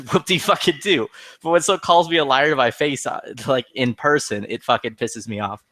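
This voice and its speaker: Man, casual chat, swearing a lot, heated storyteller, mid pitch, dry close sound. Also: moderate pace, no room sound. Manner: profane, heated, animated retelling with quoted dialogue. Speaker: podcast regular.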